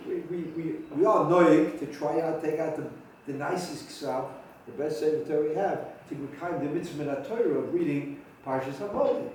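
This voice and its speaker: A man rabbi teaching a halacha class, talking with halting restarts and sudden emphatic rises in pitch. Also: a little mellow, a little hiss or hum. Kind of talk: spoken Torah lecture. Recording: very echoey room from far off.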